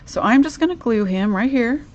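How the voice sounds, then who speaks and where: A woman's voice: fairly high pitch, expressive, moderate pace, darkish tone, highs cut off. A woman hosting a live crafting demonstration, chatty and upbeat, talking viewers through each step at her craft desk.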